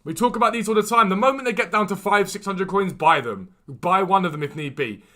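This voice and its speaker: A young man chats energetically through a live game stream. His voice sits a bit high for a man and carries a bright, forceful edge. He talks in a loose, casual way straight to his viewers. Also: fairly quick. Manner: energetic and chatty.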